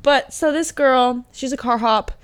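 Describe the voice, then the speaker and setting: A woman's voice: high voice, unhurried. Chatty young woman telling a story. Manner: storytelling, animated, laughs often. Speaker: podcast host. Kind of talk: casual chat.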